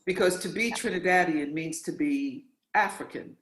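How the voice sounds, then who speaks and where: An interview host from New York speaks with animated emphasis. Words are repeated for effect, and the voice sits in the middle of its range. The sound is roomy and echoey. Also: mid-range voice, normal speed. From New York, USA. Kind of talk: interview, conversational.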